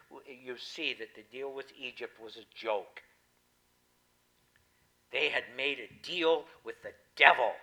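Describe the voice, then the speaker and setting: A pastor preaching a sermon, with emphatic stresses that rise loud and then drop quiet. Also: male voice, a little high, rough recording.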